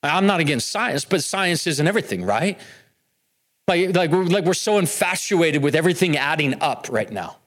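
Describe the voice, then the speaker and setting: A male pastor in full sermon, his voice sitting a touch high for a man. He preaches with passion, circling back through repeated phrases and restarting lines as he drives each point home. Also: expressive, moderate pace, fairly bright tone, breathy edge. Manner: impassioned, repetitive preaching with restarts.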